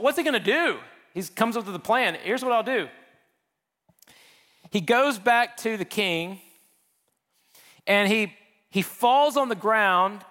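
A man preaching a sermon in a conversational, joking way, speeding up and slowing down as he explains. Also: high-pitched, fairly bright tone, in a large hall. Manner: conversational and joking, with big swings in pace. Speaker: pastor.

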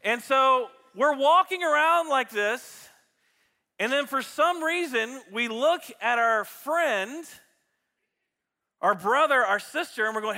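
A man preaching a sermon to his church, animated and jokey, acting out his illustrations for the congregation. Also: extremely high pitch, slow. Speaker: pastor. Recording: reverberant hall.

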